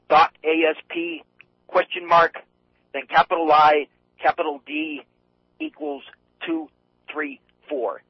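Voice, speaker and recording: A man from New Hampshire with a New England accent calls in to a talk radio show, talking in a halting, rambling way with many restarts. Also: fairly high pitch, no echo. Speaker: caller. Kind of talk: phone-in call. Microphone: telephone. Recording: muffled phone line.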